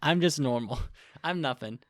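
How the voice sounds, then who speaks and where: A man's voice: fairly high pitch, no echo, studio quality. Rambling young man on a casual podcast. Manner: rambling, self-deprecating, quick laughs. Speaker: podcast co-host. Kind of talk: casual chat.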